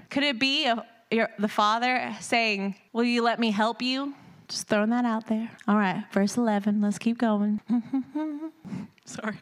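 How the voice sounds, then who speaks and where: Woman preacher, high voice, chatty sermon with laughing asides and scripture reading. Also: pushed and bright. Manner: casual, laughing asides, calls on the congregation.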